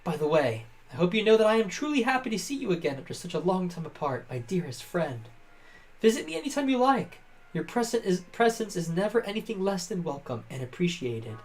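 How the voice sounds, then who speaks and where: A man's voice: sits high, big pitch swings, a little fast, a little mellow, voice pushed up. A man voicing a noble young male fish-folk prince from a game, reading the lines formally and politely. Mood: earnest. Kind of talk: reading game dialogue aloud.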